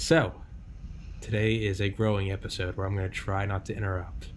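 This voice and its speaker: A man's voice: on the low side, flat delivery, fairly quick. A man from New England hosts a casual podcast interview. His talk is rambling and jokey, with plenty of swearing. A faint background noise sits under his voice. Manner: rambling, joking, swears freely. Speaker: podcast host.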